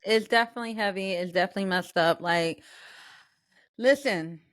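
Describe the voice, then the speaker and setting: Warm-supporting young woman, dry close sound. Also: mid-range voice, moderate pace, no echo. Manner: supportive, reassuring, reflective. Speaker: podcast co-host. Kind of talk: casual chat.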